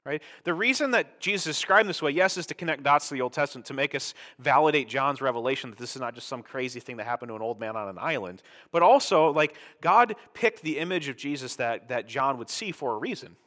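A man's voice: mid-range voice, lively intonation, fast, hardly any pauses, bright, forceful tone, in a large hall. A man preaching a Bible teaching sermon in a conversational way, often checking in with "right?". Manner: conversational, tag questions like "right?".

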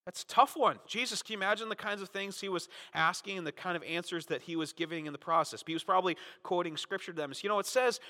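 Bright-voiced preacher in a reverberant hall. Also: male voice, high-pitched, fast, hardly any pauses. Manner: conversational, often adds "right?"; dramatizes quotes with big swings in loudness. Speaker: pastor. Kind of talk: sermon. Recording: long reverb of a large hall.

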